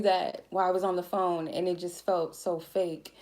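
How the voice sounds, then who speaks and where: A woman tarot reader giving a blunt, profane, laid-back spiritual reading in a mellow, chill way. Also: fairly low pitch, level tone, normal speed. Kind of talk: casual spiritual reading monologue.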